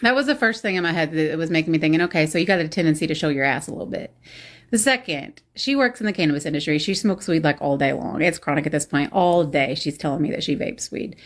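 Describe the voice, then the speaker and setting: A woman's voice: low-pitched, fast. A woman in her mid-thirties telling a bad-date story in casual chat, blunt, sassy and exasperated, with sarcastic asides. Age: 30s.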